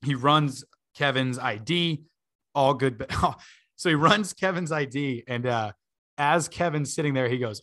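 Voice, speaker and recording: A man's voice: mid-range voice, moderate pace, bright, forceful tone. A man in his twenties, a podcast host, telling a long story in a casual way, full of fillers and laughing asides.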